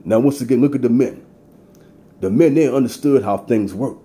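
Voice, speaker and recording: A man's voice: medium pitch, normal speed, dark tone. A man reading scripture aloud and preaching to an audience of brothers, stopping often to drive his points home. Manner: reads verses aloud, then breaks in to address brothers. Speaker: Bible teacher.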